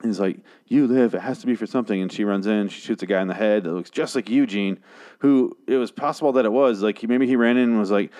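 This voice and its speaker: A man with a fairly low voice rants through a TV episode recap in a casual, sarcastic way. He swears freely, sounds exasperated, and drops quick mocking voices for the characters. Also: a little mellow. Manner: sarcastic, profane, exasperated ranting; mimics characters in brief jokey voices. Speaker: podcast host reviewing a TV episode.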